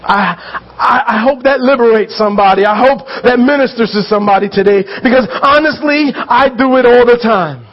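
A man preaching a sermon as pastor, earnest and conversational, often checking in with his listeners, repeating and restarting phrases as he builds to loud pleas. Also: extremely high pitch, moderate pace, muffled recording.

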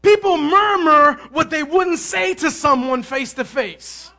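A male pastor preaching a sermon, swinging from hushed asides to shouted emphasis and acting out other people's complaints. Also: very high voice, animated, unhurried. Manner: acts out complaining voices of others.

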